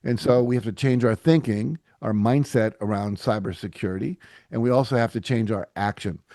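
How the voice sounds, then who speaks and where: Middle-aged male guest, lively storyteller, dry close sound. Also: mid-range voice, fairly quick, no room sound. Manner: animated storyteller, acts out quotes. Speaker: podcast guest. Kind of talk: casual interview chat.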